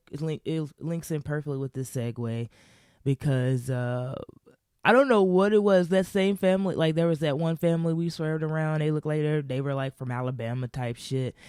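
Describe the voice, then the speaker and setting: A woman's voice: deep voice, a little mellow, smooth, no echo, studio quality. Woman telling a rambling funny story. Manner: rambling, laughs often, casual swearing. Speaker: vlogger. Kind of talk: casual comedic storytelling.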